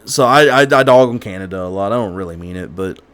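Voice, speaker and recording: A man's voice: deep voice, quick pace, a bit bright. A young man hosting a casual podcast stream while gaming, talking in a rambling way with restarts and the odd stammer. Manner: rambling, self-correcting with frequent restarts; stammers at times.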